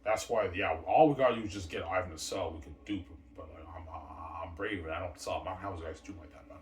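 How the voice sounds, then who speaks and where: A man's voice: low-pitched, fast talker, slight background noise. A man talking in a boastful, rambling monologue, peppered with "man" and "yeah". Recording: roomy distant mic with faint ambience.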